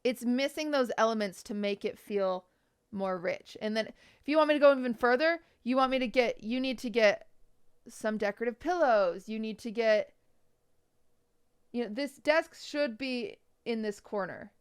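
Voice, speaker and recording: An animated, smooth, somewhat high female voice at a moderate pace. The streamer critiques viewers' bedrooms in a casual chat, her advice blunt, teasing, and nitpicky.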